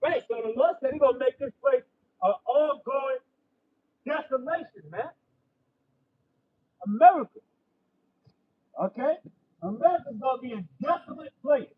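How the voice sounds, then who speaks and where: A man with a strikingly high voice delivers an emphatic sermon, reading scripture aloud. He keeps checking in with short "right?" and "okay?" asides and often breaks into shouts. The sound is distant and dull, like a lo-fi recording with faint noise behind it. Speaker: preacher.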